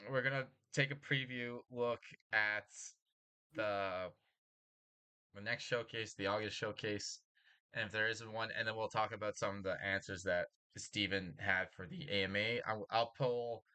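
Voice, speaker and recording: A man's voice: on the low side, sharp tone, clear, resonant tone. A man hosting a gaming podcast in casual banter. He jokes around, swears freely and laughs a lot. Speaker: podcast host.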